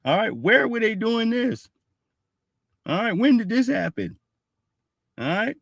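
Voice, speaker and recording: List: man, somewhat high voice, streamer commentary, cussing, frequent "all right"s. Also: big pitch swings, measured pace, creaky, fairly bright tone, no room sound, studio quality. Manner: blunt, profane, keeps saying "all right". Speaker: streamer reacting to a clip. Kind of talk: casual reaction commentary.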